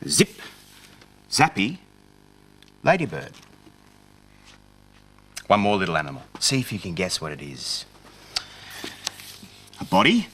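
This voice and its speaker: A young man presenting a children's TV show, talking slowly and playfully in a sing-song way for small children. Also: deep voice, huge pitch swings, fairly bright tone, slight background noise. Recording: music playing along.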